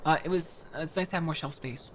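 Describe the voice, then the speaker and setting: A young woman from Florida, chatting casually on a livestream while building a model kit, animated and quick to laugh, with frequent restarts. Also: deep voice, slight background noise. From Florida, United States. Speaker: streamer.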